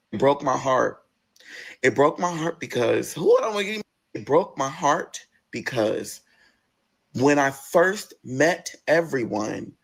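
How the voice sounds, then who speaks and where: A man's voice: on the high side, gravelly, fairly bright tone, husky. A man hosting a storytime vlog, telling a story with emphatic, profane energy and acting out other people's lines. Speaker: vlog host.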